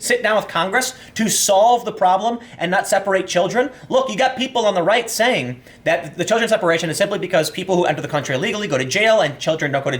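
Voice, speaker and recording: Animated, high-pitched sarcastic male commentator. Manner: sarcastic, ranting, repeats words on restarts. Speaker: political commentator. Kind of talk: casual commentary.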